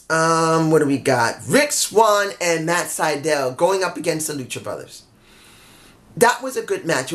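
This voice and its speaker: A man's voice: a little high, fairly bright tone. A man giving a casual, off-the-cuff wrestling review, rambling and breaking into exasperated asides.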